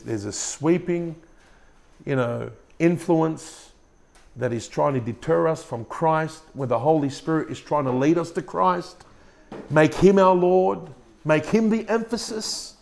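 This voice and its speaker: A man's voice: a little high, unhurried, creaky, darkish tone. A male pastor preaching a sermon, often repeating and restarting words and putting questions to the congregation. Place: church room with a congregation.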